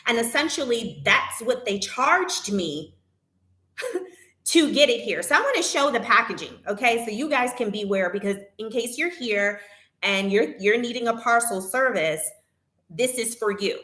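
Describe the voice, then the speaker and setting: A woman in a casual vlog talks straight to her viewers at an unhurried pace. Her voice is bright and clear, and she retells a complaint with indignant energy. The sound rings a little in an echoey room. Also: fairly high pitch. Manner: animated, indignant retelling, reads chat aloud. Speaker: vlogger.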